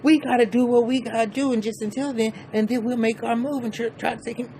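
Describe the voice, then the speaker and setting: A man's voice: extremely high pitch, fast talker, a little hiss or hum, voice pushed up. A man voicing an anxious male crime partner who pleads for patience, in a raised strained voice. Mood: urgent. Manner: pleading, pushed-up excited voice.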